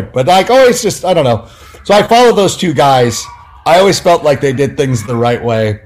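A middle-pitched man telling stories in a relaxed interview, his voice leaping up and down as he replays conversations. He talks in loose runs full of "like" and restarts. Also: fairly quick. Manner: animated, many fillers, acts out quoted dialogue. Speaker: guest, sports writer. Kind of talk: casual interview storytelling.

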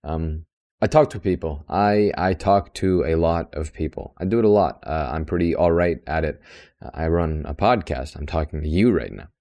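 A young man talks alone into his podcast mic in a very low voice. He rants in a blunt, sarcastic way and fills any gap with more talk, like an extrovert who hates silence. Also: normal speed, warm tone. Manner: talkative and extroverted. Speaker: podcast host. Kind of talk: solo podcast monologue.

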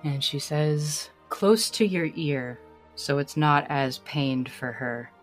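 Woman game master, low and unhurried, faint music bed. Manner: slow, descriptive second-person narration. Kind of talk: narrating a tabletop game.

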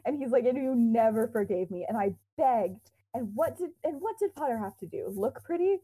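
A woman's voice: on the high side, lively intonation, fairly quick, dark tone, breathy edge, rough recording. A young woman co-hosting a podcast, casually retelling a fan-fiction story with quoted dialogue, lots of fillers and giggles.

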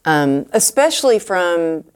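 Enthusiastic woman interviewer, low voice. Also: sing-song, slow, smooth. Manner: enthusiastic, encouraging. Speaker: podcast host. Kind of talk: casual interview.

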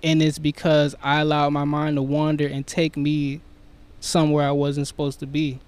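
A man in casual conversation, talking reflectively and softly about his own life and struggles. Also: fairly high pitch, completely flat delivery, normal speed. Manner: reflective, soft-spoken, storytelling. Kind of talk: casual chat.

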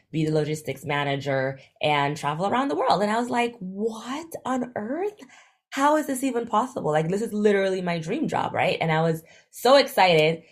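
A young woman with a slightly low voice tells her story as an interview guest. She talks casually and animatedly. She leaps up in pitch whenever she acts out what people said. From Jamaica. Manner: animated, acts out quoted dialogue with big jumps in pitch. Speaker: guest, travel influencer.

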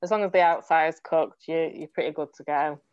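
A woman with a Yorkshire accent chats easily as a podcast guest, friendly and relaxed. Her voice sits low for a woman, and the recording is dry and slightly dull, with muted highs. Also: a little fast, clear, resonant tone, no room sound. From Yorkshire, northern England. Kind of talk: casual chat.

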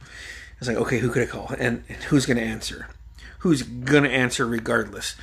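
Man, gravelly, mid pitch, casual chat, swearing, rambling anecdotes. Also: fairly quick. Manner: profane, rambling, lively anecdotal delivery.

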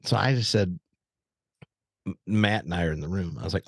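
Rambling low-voiced man telling a story. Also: a little fast, long pauses, slightly rough, no room sound. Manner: animated, rambling, lots of fillers and restarts. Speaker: podcast guest. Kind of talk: casual storytelling.

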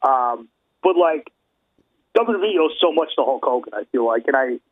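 Man, fairly high voice, husky, phone-like tinny sound, opinionated podcast chat. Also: expressive, moderate pace. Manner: opinionated, many fillers. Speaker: podcast co-host. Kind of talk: casual chat.

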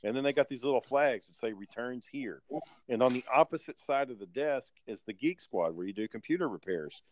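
A man's voice: medium pitch, expressive, brisk, a little hiss or hum. A man telling a blunt, profanity-laced story in casual chat.

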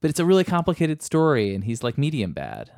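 A man's voice: a little high, huge pitch swings, fast, vocal fry, darkish tone, no room sound. A middle-aged male reporter chatting casually as a podcast guest, rambling and self-deprecating with many fillers. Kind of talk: casual interview chat.

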